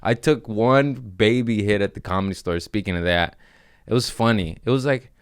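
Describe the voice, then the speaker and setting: A deep-voiced man in his thirties hosts a casual podcast, hopping from one topic to the next and acting out bits of dialogue. His low voice sits close to a dry mic with no room sound around it. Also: normal speed, clear, resonant tone, dry recording. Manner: jumps between topics, acts out voices. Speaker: podcast host, comedian. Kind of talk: casual rambling chat.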